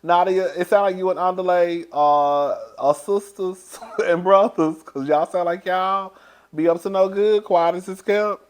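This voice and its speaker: A man's voice: high voice, steady tone, a little slow. A man chatting casually as a show reviewer, dishing gossip, calling listeners "girl" and often breaking into laughter. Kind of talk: casual gossipy recap chat.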